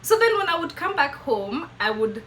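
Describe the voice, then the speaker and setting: A young Kenyan woman with a Kenyan English accent, telling a chatty, animated, self-mocking story to camera. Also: sits high, moderate pace, a little hiss or hum, low-quality recording. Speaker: vlogger.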